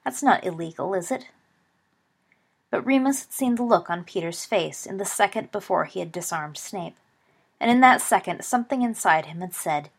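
A woman reading a story aloud with expressive, brisk delivery. Her voice sits at an ordinary middle pitch for a woman. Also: breathy edge. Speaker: narrator.

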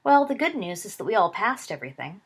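A woman's voice: medium pitch, slightly rough. A woman playing a mild, wry schoolboy wizard. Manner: calm, wry, measured. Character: mild, dry-witted teenage schoolboy wizard.

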